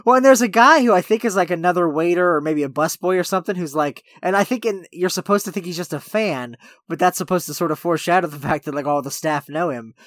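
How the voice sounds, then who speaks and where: A podcast co-host in casual chat, retelling film scenes in an animated way, with lots of "like". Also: mid-range voice, fast talker, hardly any pauses, dry recording, clean studio sound. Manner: animated storytelling, heavy use of "like".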